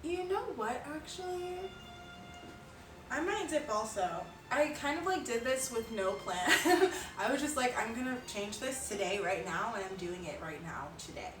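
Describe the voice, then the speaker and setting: A woman's voice: on the high side, lively intonation, moderate pace, hardly any pauses, recorded from a distance. A young woman chatting casually on a live stream, rambling and giggling with lots of filler words. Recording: roomy, off-mic, music behind.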